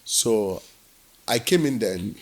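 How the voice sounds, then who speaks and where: A man's voice: fairly low pitch, takes it slowly. A man from Nigeria, telling his work story as an interview guest and acting out the dialogue. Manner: animated storyteller who acts out quoted dialogue.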